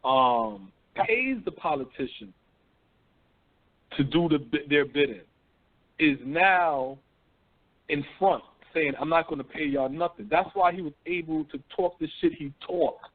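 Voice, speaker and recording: A man hosts a call-in radio talk show, ranting in a lively, profane way and slipping into mocking imitations. His voice sits high for a man. The sound is dry and tinny, like a phone line. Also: slow, pauses often, dry recording. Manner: animated, profane, swings between mocking voices.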